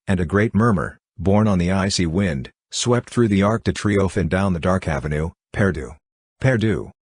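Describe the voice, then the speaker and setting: Deep husky male audiobook narrator. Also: no echo, studio quality. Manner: steady, measured reading of classic fiction. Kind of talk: scripted narration.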